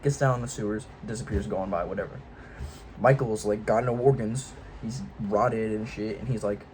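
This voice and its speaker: A man's voice: lowish voice, normal speed, a little mellow, slight background noise, poor audio. A man casually retelling a game series' story in a rambling, offhand, irreverent way, full of loose jokey paraphrase. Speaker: video host.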